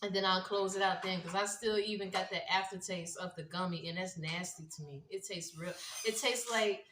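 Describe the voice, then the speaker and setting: A woman vlogging casually, talking in a loose, rambling way with lots of fillers, mildly high and relaxed. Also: normal speed, echoey room, far from the mic, background noise. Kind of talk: casual vlog chat. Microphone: phone.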